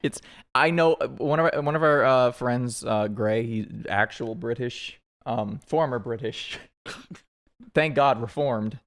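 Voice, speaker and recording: A man's voice: mid-range voice, measured pace, fairly bright tone. A man streaming a game, chatting casually and rambling with lots of restarts. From United States. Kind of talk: casual chat while playing a game.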